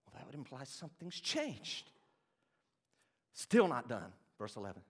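A man's voice: mid-range voice, huge pitch swings, unhurried. A man preaching a sermon as pastor, animatedly acting out the scripture scenes he teaches.

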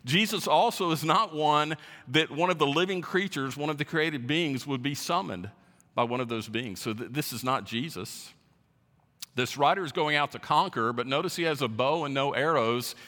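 A man's voice: on the high side, moderate pace, bright, forceful tone. A man preaching a sermon as pastor, teaching verse by verse and stressing key words. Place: church sanctuary. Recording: reverberant hall.

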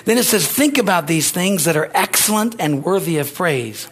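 A man's voice: sits high, expressive, moderate pace, breathy edge. A man preaching a sermon, exhorting his listeners with rising energy, rambling at times with restarts.

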